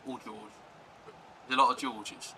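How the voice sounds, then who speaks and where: Bright-voiced chatty male streamer. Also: medium pitch, fairly even intonation, moderate pace, slight background noise, rough recording. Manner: rambling, chatty, reacting to chat and gameplay. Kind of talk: casual live-stream chat.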